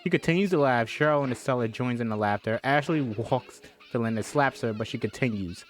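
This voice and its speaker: A man's voice: mid-range voice, fairly quick, faint music behind. A man casually reading a horror screenplay aloud, joking and chatting between scenes. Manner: chatty, laughs, jokes and apologizes between lines. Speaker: script reader. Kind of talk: casual script reading with commentary.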